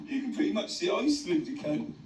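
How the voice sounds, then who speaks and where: A man's voice: high-pitched, big pitch swings, quick pace, a little mellow, echoey room, distant mic, rough recording. A man joking and swearing with a friend outdoors on a hill, telling cheeky gags and laughing. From United Kingdom. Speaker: vlogger's friend. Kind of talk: casual banter.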